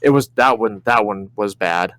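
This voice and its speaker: Male co-host, under 40, animated storyteller who swears a lot, dry close mic. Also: fairly low pitch, moderate pace, no echo. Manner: animated storyteller, swears often, acts out his own reactions. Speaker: podcast co-host. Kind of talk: casual podcast chat.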